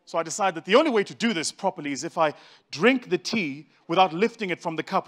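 A South African man with a high, bright-toned speaking voice tells a funny story to a live crowd. He keeps it lively and conversational, punching the jokes with relish. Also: fast. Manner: animated, joking, conversational. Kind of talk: humorous storytelling talk.

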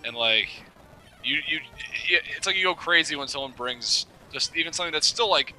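Young male co-host, very bright tense voice, lively swooping pitch, chatty. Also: fairly quick, faint music behind, poor audio. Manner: laughing, chatty, teasing. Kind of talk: casual gaming commentary.

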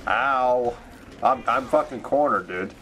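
A man's voice: medium pitch, slow, fairly bright tone. A man with a mid-range voice chatting casually while gaming, teasing and cursing. Faint game noise sits behind him. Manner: teasing, swearing. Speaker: gamer. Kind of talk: casual co-op let's play chat.

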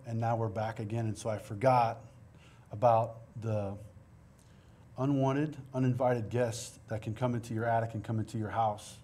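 A man's voice: medium pitch, warm tone. A middle-aged man preaching a sermon in a church, earnest and conversational, mixing scripture reading with personal stories. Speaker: pastor. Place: church sanctuary.

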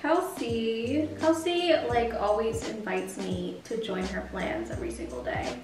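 A woman's voice: a little high, lively intonation, measured pace. A young adult woman, tipsy and giggly, telling stories with animation in a casual chat between friends at home. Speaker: guest, best friend. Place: indoors at home. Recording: echoey room, from far off, music behind.

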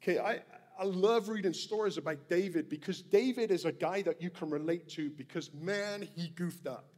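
A man's voice: sits high, moderate pace, a little mellow. A male pastor preaching a sermon in a church, earnest and emphatic, repeating his key phrases. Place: church sanctuary. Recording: long hall reverb.

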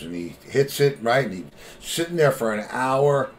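A man's voice: medium pitch, big pitch swings, moderate pace, very noisy. Older man telling rambling stories. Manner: laughing, rambling anecdotes. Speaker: podcast host. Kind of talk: casual storytelling chat.

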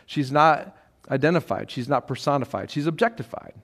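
A middle-aged man preaching a sermon as pastor, talking conversationally with restarts and now and then acting out quoted voices. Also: normal speed. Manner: conversational preaching with frequent restarts and light laughs; acts out quoted voices with sharp rises in pitch. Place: church sanctuary.

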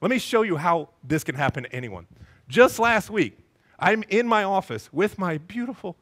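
A male pastor preaching a sermon, telling stories in a lively way and acting out the voices of the people in them. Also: high-pitched, moderate pace. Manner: lively storytelling, acts out voices.

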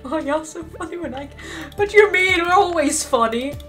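Giggly young woman chatting to her stream, pitch jumping all over, easily excited. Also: normal speed. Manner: giggly, bursts into laughter often; excitable, frequent exclamations. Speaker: live streamer. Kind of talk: casual live-stream chat. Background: faint background music.

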